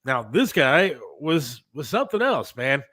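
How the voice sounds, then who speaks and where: Chatty man with a slightly high voice. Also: sing-song, unhurried, bright, forceful tone, poor audio. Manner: rambling, storytelling with many fillers and restarts. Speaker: talk show participant. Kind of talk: casual radio-style chat.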